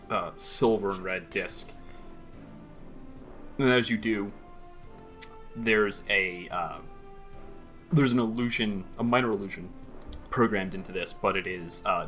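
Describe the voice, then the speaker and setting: Guy running a tabletop game, lowish voice, bright and punchy, rambles with lots of uh, faint music behind. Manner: rambling, many fillers while describing. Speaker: game master.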